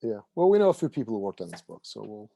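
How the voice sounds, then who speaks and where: A man's voice: on the low side, quick pace, gravelly, dull audio. A man co-hosting a podcast in a casual, rambling chat about comics. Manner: relaxed, rambling, with frequent fillers and restarts. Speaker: podcast co-host.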